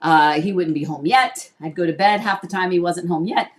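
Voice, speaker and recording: A middle-aged woman hosting a casual livestream from her home office desk, chatty and quick to laugh. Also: on the low side. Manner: chatty, laughs often, coos to a toddler. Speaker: livestream host.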